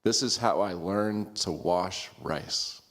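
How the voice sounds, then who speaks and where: Middle-aged guy, lowish voice, poking fun at himself in a group class, chuckly and chatty. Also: slow, a bit bright. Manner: self-deprecating, laughing as he talks. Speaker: class participant. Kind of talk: casual sharing in a group class.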